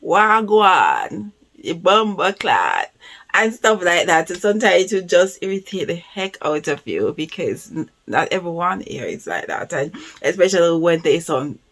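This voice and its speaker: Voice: medium pitch, animated, normal speed, a bit bright. A reaction video host from Jamaica with a Jamaican accent, talking casually and often repeating "of course". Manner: chatty, repeats "of course", laughs easily.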